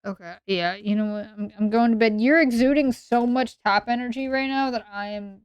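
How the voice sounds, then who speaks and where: A woman's voice: fairly high pitch, moderate pace, clear, resonant tone, no echo. Sleepy, teasing woman streamer. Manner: rambling, playful, teasing. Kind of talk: casual late-night stream chat.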